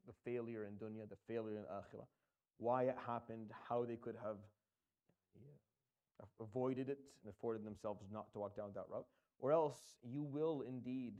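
A man's voice: medium pitch, highs cut off. A man teaching a Quran tafsir lesson, explaining Arabic grammar step by step and reciting verses, with frequent fillers and restarts.

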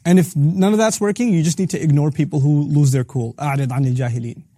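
A man teaching a lesson on the Quran, earnestly rephrasing each phrase several ways and reciting Arabic verses quickly between his English explanations. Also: fairly high pitch, animated, dark tone, dry recording, studio quality. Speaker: Quran teacher hosting a series.

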